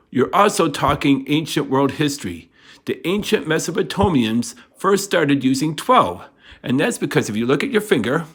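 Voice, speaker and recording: A man's voice: medium pitch, a bit bright. A middle-aged man teaching a casual math lesson from home to his class, chatty and rambling with many fillers.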